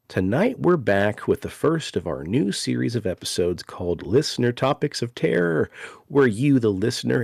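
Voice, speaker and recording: A man's voice: mid-range voice, creaky, darkish tone, dry recording, clean studio sound. A man hosting a paranormal podcast, talking in a loose, chatty way and swearing casually. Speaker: podcast host.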